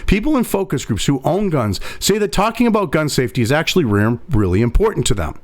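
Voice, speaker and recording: A man's voice: fairly high pitch, sing-song, quick pace. Furious profane man ranting. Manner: angry, profane, sneering rant. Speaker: commentator. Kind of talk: ranting commentary reading an article.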